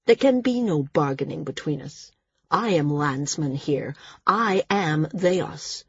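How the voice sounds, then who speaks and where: Brief: a woman playing a sneering, rage-prone male island lord in an audiobook, husky and low-pitched. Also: expressive, slow, no echo, highs cut off, full character voice. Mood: menacing. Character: cruel, volatile male island ruler.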